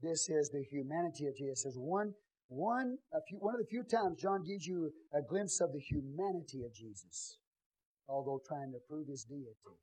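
A man preaching a sermon in a church, swinging from quiet teaching to loud shouted preaching. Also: a little high, lively intonation, moderate pace, poor audio. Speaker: pastor. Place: church sanctuary.

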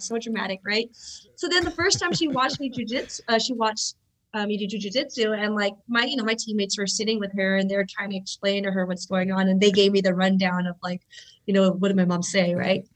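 A woman's voice: mid-range voice, steady tone, fairly quick, poor audio. A woman in her thirties telling stories in a casual interview, chatty and full of fillers. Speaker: interview guest, jiu-jitsu competitor. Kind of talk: casual storytelling.

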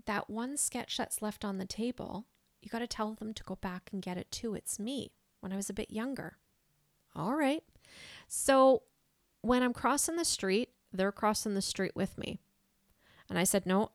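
A woman recounts a personal experience on her podcast, animated and expressive. Her voice sits at a middle pitch. The recording is dry and close. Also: dry recording. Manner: animated, voices quoted people with pitch jumps. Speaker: podcast host, medium. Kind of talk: personal storytelling.

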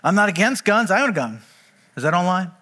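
A man preaching a sermon as pastor, telling stories in a conversational way with quick asides. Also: sits high, big pitch swings, bright, forceful tone, breathy edge, big-room sound. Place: church auditorium.

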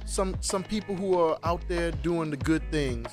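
A man's voice: on the high side, normal speed, soft background music. A man co-hosting a casual chat show, joking around and echoing his partner's words. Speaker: podcast co-host. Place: basement studio.

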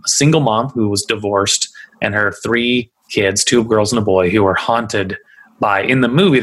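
A man with a low, husky voice hosts a podcast in a relaxed, rambling way. His delivery is loose and full of fillers. He talks at a studio mic. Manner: chatty, loose, lots of fillers. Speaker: podcast host. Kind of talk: casual chat.

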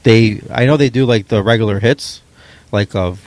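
A man's voice: lowish voice, moderate pace, a little mellow, dry recording. A man co-hosting a casual chat, hesitant, with many ums and restarts. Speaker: podcast co-host. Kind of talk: casual chat about movies.

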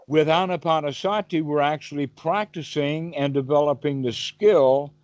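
A man's voice: fairly high pitch, fairly even intonation, moderate pace, darkish tone, dry recording. A man teaching meditation over a call, asking his listener questions and giving vivid everyday examples. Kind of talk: Dhamma talk on a call.

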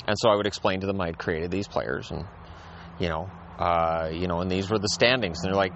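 A man's voice: sits low, steady tone, brisk, lo-fi sound, noisy background. A man hosting a casual solo show, rambling in an easygoing way, repeating phrases and restarting his sentences. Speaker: podcast host. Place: outdoors in a backyard.

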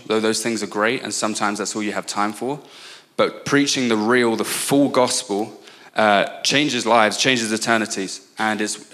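A man in his twenties with an English accent, preaching as a guest speaker, earnest and prone to quick asides and restarts. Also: fairly low pitch, fairly bright tone. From England. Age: 20s. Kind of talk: sermon.

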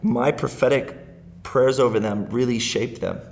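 Creaky-voiced middle-aged man, earnest. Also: medium pitch, normal speed, darkish tone. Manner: earnest, rambling, laughs while talking. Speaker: guest. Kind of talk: casual interview conversation.

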